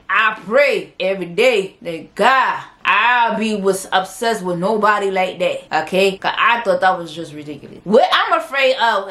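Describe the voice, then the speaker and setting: A woman's voice: mid-range voice, a bit bright. A woman casually recapping a TV episode, chatty and opinionated, often laughing as she talks. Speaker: TV show reviewer. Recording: roomy echo.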